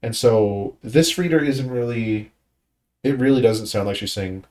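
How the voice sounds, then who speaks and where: A man with a fairly low voice leads a casual language study session. He explains grammar patiently, thinking aloud with many fillers and restarts. Between exercises he offers learners brief words of praise. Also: moderate pace, darkish tone. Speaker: study group leader teaching Tongan.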